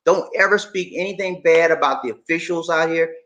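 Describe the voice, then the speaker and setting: A middle-aged man chats on a live stream in a high, bright voice and answers viewers as he goes. He is emphatic and repeats himself, calling his audience "man" and "y'all". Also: fairly quick. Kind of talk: casual live stream chat reading viewer comments.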